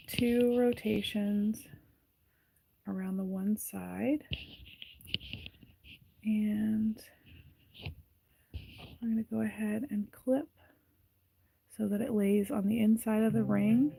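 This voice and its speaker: This live wire-wrapping demo comes from a jewelry maker whose mid-range voice carries vocal fry, captured on poor audio. She talks through the steps unhurriedly in a chatty way, answering viewers' comments as she goes between stages of the craft.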